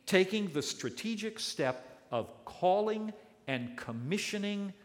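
A man preaching an expository sermon, building his points with dramatic pauses and emphasis. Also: mid-range voice, fairly bright tone. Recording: long hall reverb.

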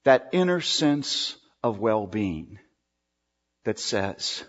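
A male pastor preaching a sermon in an emphatic way, drawing out key words with pauses. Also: medium pitch, expressive, slightly rough. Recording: dull recording with long hall reverb.

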